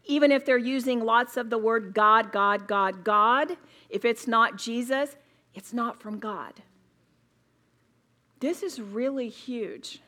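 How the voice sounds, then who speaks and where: A woman's voice: fairly high pitch, slow pace, pushed and bright. A woman speaking at a women's retreat, preaching emphatically and repeating words for stress. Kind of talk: sermon.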